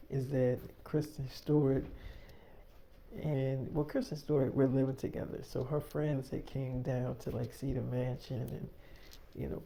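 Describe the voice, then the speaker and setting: A man's voice: mid-range voice, gravelly, warm tone, slight background noise. Rambling, profane young man telling a story. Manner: rambling, profane, lots of fillers. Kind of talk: casual storytelling.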